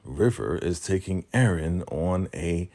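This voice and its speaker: A chatty man with a low, deep voice recaps a TV drama episode in a loose, conversational way. He fills his talk with asides and chuckles. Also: animated, takes it slowly, warm tone. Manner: chatty, laughs often, lots of fillers like "I mean" and "right?". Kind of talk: casual recap commentary.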